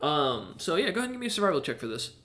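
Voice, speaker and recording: A man's voice: on the high side, very animated, very fast, fairly bright tone. A man narrating as game master of a tabletop game, rambling with many fillers and self-corrections.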